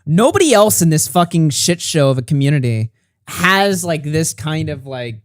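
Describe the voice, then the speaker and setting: Lively young man riffing on stream. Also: fairly high pitch, normal speed, no echo, clean studio sound. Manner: reads messages aloud with mocking asides and frequent laughter. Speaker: commentary streamer. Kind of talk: casual livestream commentary.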